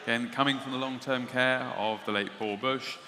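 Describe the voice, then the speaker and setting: Bright-voiced man introducing auction lots. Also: mid-range voice, steady tone, moderate pace. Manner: hesitant, many uh fillers between descriptive phrases. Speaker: lot presenter. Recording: long reverb, faint background noise.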